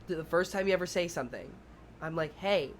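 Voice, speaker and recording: Background noise sits under a fast, fairly high male voice. The speaker, a young preschool teacher and streamer, chats animatedly with viewers, playing out the kids' lines and his own and swearing casually.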